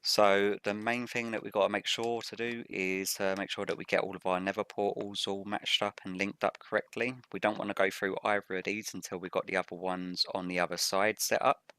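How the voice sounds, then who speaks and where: A man with a low, rough morning voice talks through his gameplay as a video game host. His delivery stays level and even, and he explains each step in a methodical, matter-of-fact way. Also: brisk, hardly any pauses. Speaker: Let's Play host. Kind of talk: gameplay commentary.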